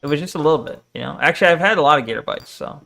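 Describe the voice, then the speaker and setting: A man's voice: fairly high pitch, expressive, very fast, gravelly, bright, forceful tone. Joking man streaming a game. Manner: chatty, joking, reads chat aloud, casual swearing. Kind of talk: casual live game commentary.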